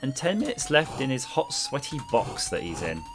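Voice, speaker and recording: With music playing and a noisy hum underneath, a retro game streamer jokes and rambles casually with his viewers mid-play. His voice is medium in pitch, swings hugely up and down, and moves at a normal speed.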